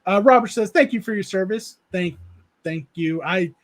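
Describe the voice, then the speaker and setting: A man with a fairly high voice hosts a relaxed livestream chat show. He reads out viewer comments and drifts into loose, rambling stories. He laughs often and fills his talk with "uh" and "like". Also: moderate pace. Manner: rambling storyteller, laughs often, many fillers. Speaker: show host reading chat.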